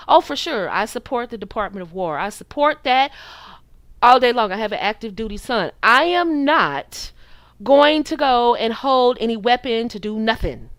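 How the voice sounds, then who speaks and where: Animated American woman giving dating advice. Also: medium pitch, clear, resonant tone, dry recording. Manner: animated, preachy, with sassy quoted voices. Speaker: dating coach and channel host. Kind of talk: opinionated commentary to camera.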